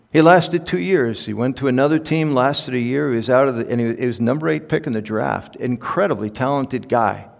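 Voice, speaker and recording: A man's voice: mid-range voice, gravelly. Male pastor preaching in a reverberant hall. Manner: conversational, halting with ums, rising to emphatic peaks. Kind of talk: sermon with personal stories. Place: large conference hall.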